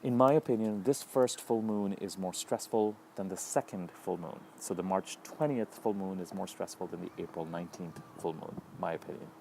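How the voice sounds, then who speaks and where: Male astrologer, lowish mellow voice, measured solo talk, faint hiss behind. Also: vocal fry. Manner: thoughtful, unhurried, lists ideas in repeated phrases.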